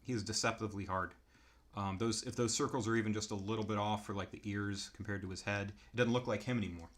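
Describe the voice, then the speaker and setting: A man narrating casually as he draws, an artist demonstrating character design and thinking aloud in an unhurried, musing way. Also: fairly low pitch, fairly even intonation.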